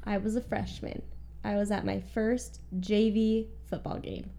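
Animated woman podcast co-host. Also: medium pitch, measured pace, vocal fry. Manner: animated, self-mocking storytelling. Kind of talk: casual podcast storytelling.

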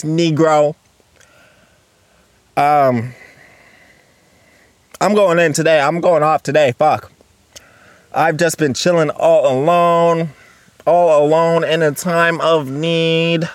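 A man rants alone on his own podcast in a fairly high voice, swearing constantly and rambling from one gripe to the next. He jumps from loud bursts to low mutters. The sound is dry and close, with no room around it. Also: no room sound. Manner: profane, rambling, swings between loud outbursts and low mutters. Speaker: podcast host. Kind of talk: solo casual podcast rant. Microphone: recorded on a phone and laptop.

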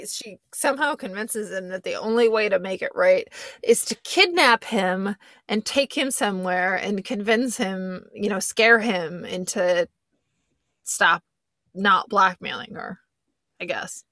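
A woman's voice: medium pitch, a little slow, sharp tone, no room sound. A woman co-hosting a casual film review podcast, chatty and rambling. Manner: chatty, rambling, self-interrupting. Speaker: podcast co-host.

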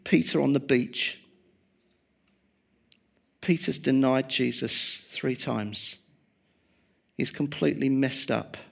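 A man preaching a sermon, swinging from loud emphasis to hushed, quiet tones. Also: medium pitch, takes it slowly, creaky, pauses often.

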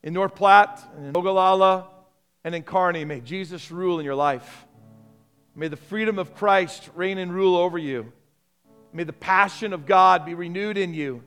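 Pastor, male, high voice; impassioned sermon that sinks to a hushed, low prayer. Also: normal speed, clear, resonant tone, faint music behind. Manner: impassioned preaching, dropping soft and low in prayer.

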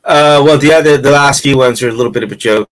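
A man hosts a relaxed interview in a mid-range voice, asking loose, rambling questions. He teases his guest playfully as he goes. His pitch sits right in the middle, neither high nor low. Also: quick pace, rough recording. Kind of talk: casual interview.

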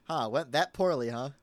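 A man's voice: mid-range voice, dry recording. A man co-hosting a casual podcast chat, teasing his friend and laughing often. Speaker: podcast co-host.

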